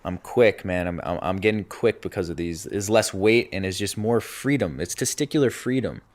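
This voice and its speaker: A young man co-hosting a casual podcast with a slightly low voice. He tells stories in a loose, animated way and laughs through the funny parts. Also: normal speed. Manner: animated storyteller, laughs through his own story. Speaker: podcast co-host. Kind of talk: casual chat.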